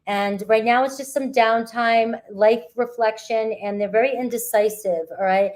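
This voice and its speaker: A woman's voice: fairly high pitch, a little mellow. Chatty woman giving a tarot reading. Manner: chatty, frequent "all right?" and "okay?" check-ins. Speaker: tarot reader. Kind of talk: casual tarot reading to camera. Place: outdoors at the beach.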